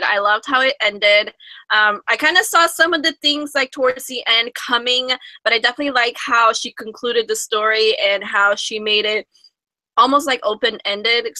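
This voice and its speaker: Bright upbeat woman in a book chat. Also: on the high side, dry recording, poor audio. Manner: upbeat, chatty with fillers. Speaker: booktuber guest. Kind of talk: casual chat.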